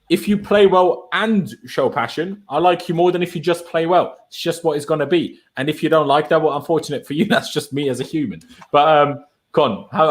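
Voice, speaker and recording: A man hosting a casual football talk show, chatty and rambling, often restarting his sentences. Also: fairly high pitch. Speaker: podcast host.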